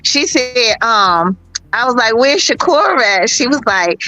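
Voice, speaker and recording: A woman's voice: fairly high pitch, animated, a little slow, pushed and bright, no room sound, poor audio. A woman from New Jersey chatting casually on a live stream, telling stories and teasing with lots of laughter. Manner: storytelling, teasing, laughs often. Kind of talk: casual chat.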